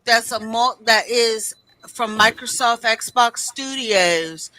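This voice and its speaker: A woman co-hosting a casual gaming podcast, reading viewer messages briskly. Her voice is fairly high and very bright, with a sharp, forceful edge. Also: dry recording, rough recording.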